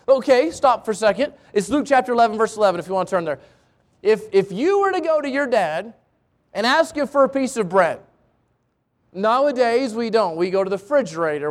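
High-voiced man preaching a sermon. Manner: repeats words while searching for phrasing. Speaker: pastor.

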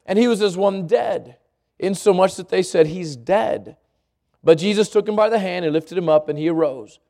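A man with a very high voice preaches to a congregation. His scripture reading drops lower, and between verses he explains in his own words, repeating words as he goes and putting questions to his listeners. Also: moderate pace, dark tone.

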